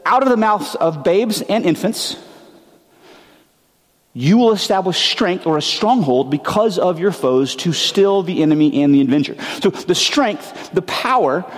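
A man's voice: sits high, expressive, a little slow, in a large hall. A man preaching a sermon in a casual, conversational way, with slang and frequent restarts. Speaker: pastor.

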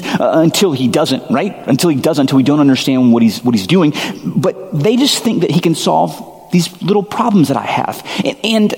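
A man's voice: a little high, lively intonation, normal speed. Conversational male pastor in reverberant hall. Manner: conversational, self-deprecating storytelling. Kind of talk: sermon.

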